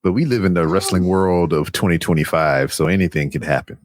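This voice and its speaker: A man's voice: low voice, a little fast, no echo, clean studio sound. A man co-hosting a podcast in casual chat, laid-back and joking, rambling through his points. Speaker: podcast co-host. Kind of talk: casual chat about wrestling.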